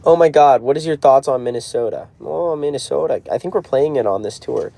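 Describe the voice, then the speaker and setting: A man's voice: mid-range voice, fairly quick, gravelly, mellow. Laid-back man in his twenties. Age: 20s. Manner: laid-back, answers viewer comments. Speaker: band member hosting a livestream. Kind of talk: casual livestream chat reading comments. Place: in a car.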